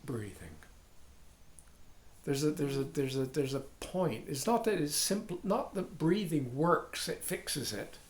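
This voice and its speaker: An older man, a dharma teacher, giving a contemplative talk in halting, searching phrases with frequent asides. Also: fairly high pitch, expressive, reverberant.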